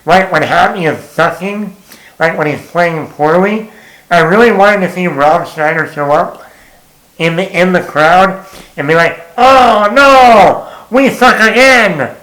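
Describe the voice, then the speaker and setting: A man giving a blunt, exasperated casual film review, swearing freely and now and then quoting lines in a higher voice. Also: a little slow, fairly bright tone. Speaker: movie reviewer. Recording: echoey room.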